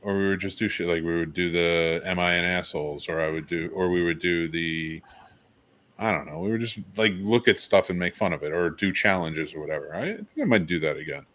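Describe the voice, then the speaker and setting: Brief: lower-voiced male host, relaxed, jokey, swears freely. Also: fairly quick. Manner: laid-back, joking, profane. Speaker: podcast host. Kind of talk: casual chat.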